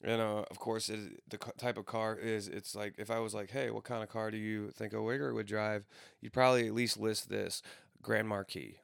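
A man's voice: fairly low pitch, fairly even intonation, normal speed, creaky, clear, resonant tone, no echo, clean studio sound. A man in his thirties rambling through casual, profane stories with frequent restarts. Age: 30s.

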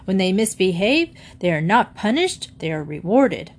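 A woman reading aloud and voicing a blustering, grumpy middle-aged husband in a loud, gruff, indignant way. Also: medium pitch, sing-song, normal speed. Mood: grumbling.

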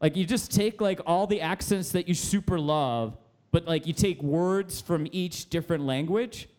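A man's voice: on the high side, moderate pace, darkish tone. A man hosting a casual podcast chat, rambling and filling his talk with "like". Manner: rambling, full of "like" fillers. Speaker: podcast host.

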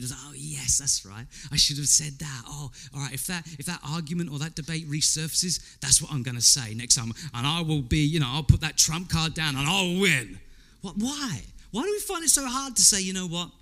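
Man, sermon, conversational preacher, slightly high voice, rhetorical questions, repeats words. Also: animated, fairly quick, sharp tone.

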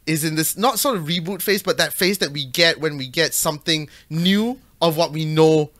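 A man in a casual film chat, voice bright and a little high, opinionated and emphatic. The sound is dry and close. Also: moderate pace, no echo.

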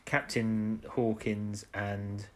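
A man's voice: lowish voice, flat delivery, very slow. A man co-hosting a podcast, recapping a TV episode in rambling, casual chat and leaning on tag questions. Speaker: podcast co-host.

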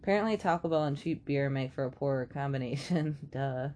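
A woman's voice: extremely low pitch, a little fast, darkish tone, slight background noise. A woman co-hosting a podcast, chatting casually, laughing often and reading listener stories aloud. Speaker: podcast co-host.

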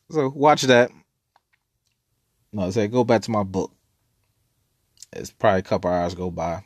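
Low-voiced man telling a rambling story. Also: no room sound, clean studio sound. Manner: laid-back, profane, rambling with frequent laughs. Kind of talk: casual storytelling monologue.

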